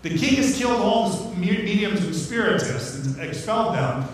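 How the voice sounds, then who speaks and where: A pastor giving a sermon, teaching scripture in a conversational way with joking asides. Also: male voice, high voice, animated, moderate pace, a little hiss or hum. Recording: echoey hall from far off.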